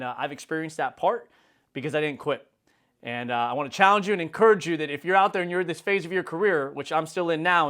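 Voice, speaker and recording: A man's voice: a little high, fairly bright tone. Slangy, upbeat motivational man. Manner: casual, slangy, acts out quoted dialogue. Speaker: insurance business leader and video host. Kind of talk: motivational talk to camera.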